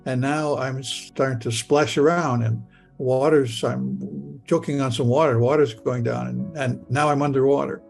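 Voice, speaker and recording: An older man telling his own story in a halting, stammering way, with frequent restarts. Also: mid-range voice, fairly even intonation, gravelly, faint music behind. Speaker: storyteller recounting a near-death experience. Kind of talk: personal storytelling.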